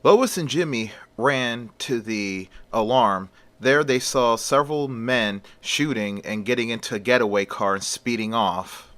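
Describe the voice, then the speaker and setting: Bright-voiced male storyteller. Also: medium pitch, a little slow, few pauses. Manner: rambling, conversational narration. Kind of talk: casual story retelling.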